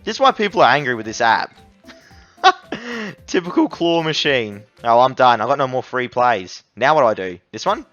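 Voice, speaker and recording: Excitable young man reviewing an app. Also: medium pitch, brisk, hardly any pauses, lo-fi sound, soft background music. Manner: excitable, yelps at near misses, addresses viewers as everyone and bro. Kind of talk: casual gameplay commentary to viewers.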